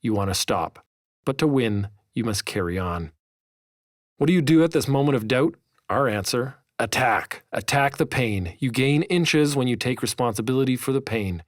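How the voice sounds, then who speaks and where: Male author-narrator, mid voice, memoir read with measured, vivid storytelling, dead-dry booth sound. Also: medium pitch, animated, dry recording. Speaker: author narrating his own audiobook.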